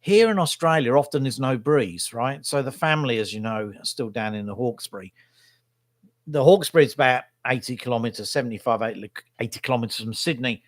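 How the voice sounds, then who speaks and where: A man's voice: mid-range voice, fairly quick, no echo, clean studio sound. Chatty, opinionated middle-aged man. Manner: opinionated, chatty, keeps tagging "right?". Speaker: vlogger and local newspaper photographer. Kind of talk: casual rambling monologue.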